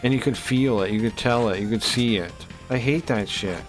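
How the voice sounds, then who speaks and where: Male game streamer, casual rambling chat, swears a lot, middle-pitched voice, faint music behind. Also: moderate pace. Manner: rambling, profane, loose. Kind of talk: casual live-stream chat while playing.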